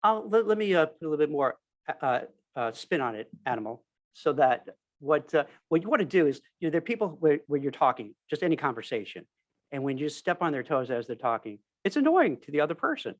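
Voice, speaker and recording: A man's voice: fairly high pitch, big pitch swings, quick pace, no room sound. A man from New York on a recruiting panel, giving emphatic advice with energy. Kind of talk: casual panel discussion.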